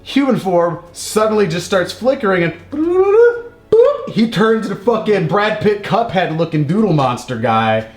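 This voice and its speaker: A man tells a film's story in loose, profanity-laced chat, tripping over filler words and slipping into goofy character voices. His voice sits a little high, and the recording rings in an echoey room. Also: expressive, moderate pace, few pauses, faint music behind. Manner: rambling, profane, heavy on filler "like", acts out characters in silly voices. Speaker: podcast co-host retelling a movie plot. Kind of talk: casual comedic chat.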